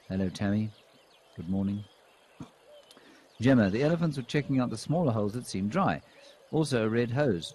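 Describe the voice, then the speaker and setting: A man commentates on live wildlife footage in a low, warm voice, chatting easily with viewers. His humor is dry and deadpan. Faint outdoor bird ambience sits behind him. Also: slight background noise. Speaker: wildlife show host.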